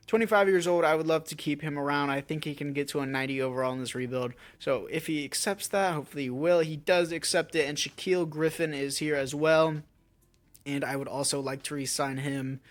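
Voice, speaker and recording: A young man with a slightly high voice talks through his football game season in a loose, casual way. He rambles a little, corrects his own slips and throws in joking asides. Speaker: gaming YouTuber.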